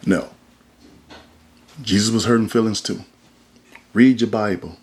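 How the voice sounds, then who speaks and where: A man hosting a podcast, talking in a casual but sermon-like way, emphatic and colloquial. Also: on the low side. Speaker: podcast host. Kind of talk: casual preachy monologue.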